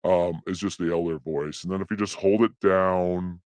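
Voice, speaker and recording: A man speaking through a voice changer that deepens his voice, demonstrating presets matter-of-factly. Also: steady tone, normal speed, a little mellow, no room sound. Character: deep altered voice from a voice changer. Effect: pitch-lowering voice changer.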